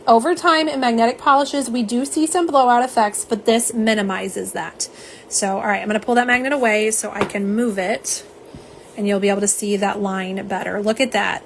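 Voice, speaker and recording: A woman's voice: fairly high pitch, steady tone, normal speed, gravelly, a little hiss or hum. Chatty woman hosting a live stream. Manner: chatty, talks straight to viewers as "y'all" and reads out chat comments. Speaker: nail polish live-stream host. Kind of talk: casual live-stream chat.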